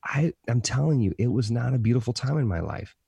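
Podcast guest: earnest, emphatic man with a gravelly, warm voice who repeats his points for weight. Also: medium pitch, lively intonation, fairly quick, no echo. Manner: self-described positive motivational talker. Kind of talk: personal storytelling in a podcast conversation.

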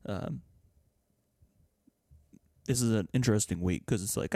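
A man's voice: lowish voice, moderate pace, pauses often, warm tone, dry recording, clean studio sound. A man co-hosting a casual sports podcast, talking in an easygoing, rambling way. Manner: easygoing, rambling, with lots of fillers. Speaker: podcast co-host.

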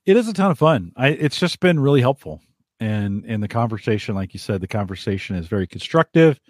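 A man's voice: fairly low pitch, big pitch swings, fairly quick, darkish tone, dry recording, clean studio sound. An American man hosting a gadget podcast in casual chat, chatty and laughing often, with many restarts. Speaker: podcast host.

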